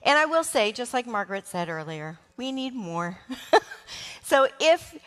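Slow, earnest woman preaching in a church. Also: on the high side, very animated. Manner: warm, emotional, slow and earnest with frequent ums. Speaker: children's ministry leader. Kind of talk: church sermon. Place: large church sanctuary. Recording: long church hall reverb.

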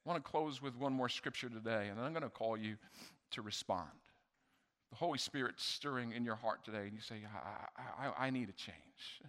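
A man preaching a sermon as pastor, swinging between loud urgent appeals and quiet intense passages, with stammered restarts. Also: mid-range voice, fairly quick. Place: church sanctuary. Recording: church hall reverb.

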